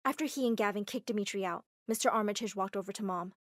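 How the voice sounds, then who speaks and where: A woman narrating a first-person story in a dramatic, expressive way. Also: medium pitch, fast talker, hardly any pauses, no room sound, studio quality.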